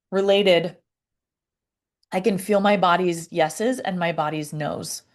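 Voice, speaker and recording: A woman talking to camera about her personal healing, halting and searching for words with many fillers and restarts. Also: lowish voice. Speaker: vlogger. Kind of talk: reflective personal talk to camera.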